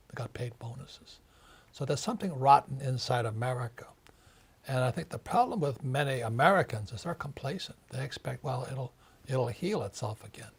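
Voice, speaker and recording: Husky older man ranting emphatically. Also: mid-range voice. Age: 70s. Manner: emphatic, ranting, repeats words, mimics others. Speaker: author being interviewed. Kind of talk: animated interview talk.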